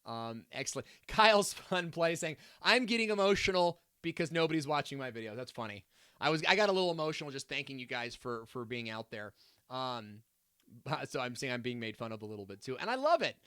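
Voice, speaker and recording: Bright, chatty man hosting a live stream. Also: mid-range voice, sing-song, brisk, clear, resonant tone, no room sound, clean studio sound. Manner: upbeat, chatty, many fillers and asides. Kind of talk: live-stream Q&A, reading viewer comments.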